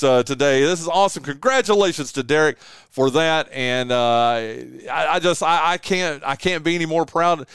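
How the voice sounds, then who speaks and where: A man's voice: fairly high pitch, moderate pace, a bit bright, clear, resonant tone, dry recording. A man hosting a radio show, chatting casually and speaking with effusive enthusiasm. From eastern North Carolina. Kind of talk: casual radio interview chat.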